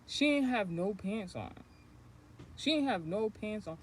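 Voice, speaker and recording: A woman's voice: mid-range voice, animated, a little slow, a little hiss or hum. Rambling, profane woman telling a story. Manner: rambling, profane, laughs often. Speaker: spiritual channel host. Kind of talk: casual livestream storytelling.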